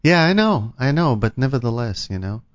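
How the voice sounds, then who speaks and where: A man with a slight foreign accent co-hosting a morning radio show, easygoing and quick to laugh. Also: medium pitch, very animated, no echo. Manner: easygoing, laughs often, short replies. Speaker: radio co-host. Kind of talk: casual morning show banter. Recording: slightly muffled dry studio sound.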